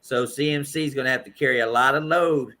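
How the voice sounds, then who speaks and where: A man on a casual sports podcast, running through a ranked list in a relaxed way. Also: medium pitch, quick pace, noisy background.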